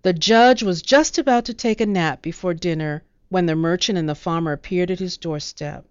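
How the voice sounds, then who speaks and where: Smooth-voiced woman reading a story. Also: on the low side, no echo, highs cut off. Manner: measured, expressive reading. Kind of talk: storybook narration.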